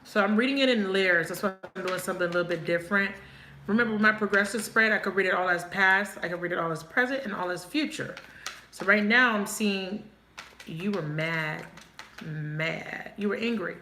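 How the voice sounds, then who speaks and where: Woman, tarot reader, casual and cursing, bright tone, unhurried, faint background noise. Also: medium pitch, echoey room. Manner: casual, swears, laughs often, talks to viewers. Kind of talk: live tarot reading chat.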